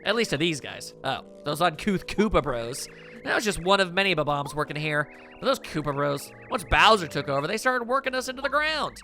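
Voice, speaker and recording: A man voices a feisty little bomb girl from a video game, pushing his voice up high and letting it bounce all over as she rants and cheers. The character is spunky, chatty and quick to anger, with a bright, sharp, animated tone. Soft music plays in the background.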